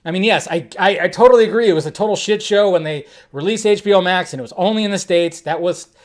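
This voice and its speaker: A man's voice: sits high, fast. A young adult man hosting a casual film-news livestream, rambling and joking as he reacts to reviews. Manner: rambling, animated, jokey. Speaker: livestream host.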